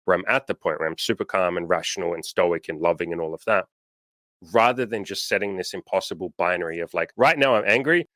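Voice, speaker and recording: A man's voice: low voice, fairly even intonation, fast, a bit bright, no echo. A man hosting a coaching interview, talking frankly and emphatically with casual swearing. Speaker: coach and host.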